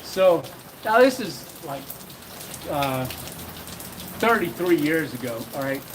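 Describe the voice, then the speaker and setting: Middle-aged guy rambling on a live stream outside, chuckles a lot, talks a bit high, rain hissing behind him. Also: animated, slow. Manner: rambling, chuckling, many fillers. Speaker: channel host. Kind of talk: casual live-stream storytelling. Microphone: handheld camera.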